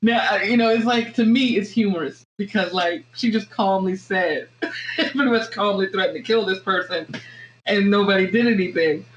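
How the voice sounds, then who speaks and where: A woman with a Southern American accent, a podcast guest talking things through in a reflective, halting way with many restarts. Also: medium pitch, muffled recording, slight background noise. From Southern United States. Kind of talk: casual podcast conversation.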